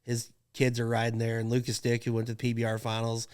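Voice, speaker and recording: A man's voice: mid-range voice, quick pace, clear, resonant tone. A man who works as a rodeo clown, telling stories in a casual podcast chat, laughing often and acting out what people said. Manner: animated, laughing, acts out quotes.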